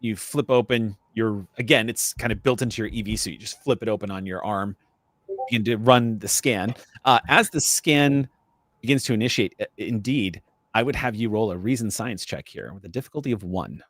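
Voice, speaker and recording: A man running a tabletop role-playing game as game master, narrating in a measured, descriptive way. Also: lowish voice, a bit bright, dry recording.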